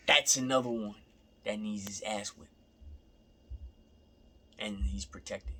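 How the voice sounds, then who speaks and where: A man's voice: on the low side, steady tone, slow, pushed and bright. A young man in a casual, rambling rant, repeating himself and swearing freely. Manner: rambling, repeats himself, profane, laughing asides.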